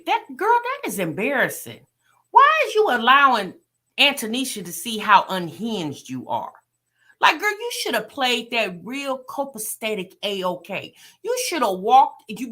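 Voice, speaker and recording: A woman hosting a reaction channel, giving animated casual commentary straight to her viewers. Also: high-pitched.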